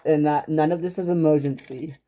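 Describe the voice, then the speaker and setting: A woman voicing a soothing low-voiced mother. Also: steady tone, a little fast. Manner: gentle, reassuring, quiet. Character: calm, soothing middle-aged mother. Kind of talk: toy-figure home drama.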